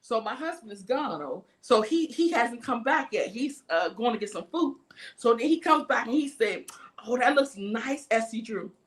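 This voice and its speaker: A woman with a fairly high voice tells a story on her livestream in an animated rant. She swears freely and acts out every voice in the tale. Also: normal speed. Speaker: livestream host.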